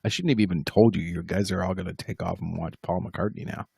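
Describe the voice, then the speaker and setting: Gravelly-voiced man chatting on a livestream. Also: sits low, steady tone, fast talker, dark tone, dry recording, studio quality. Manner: rambling, self-mocking, talks straight to the chat. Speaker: livestream host and musician. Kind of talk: casual live-stream chat with viewers.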